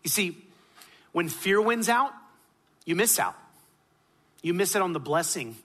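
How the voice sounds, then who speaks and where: Husky, bright-voiced male preacher. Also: high-pitched, animated, unhurried. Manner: emphatic preaching, swinging from loud peaks to hushed drops. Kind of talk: sermon.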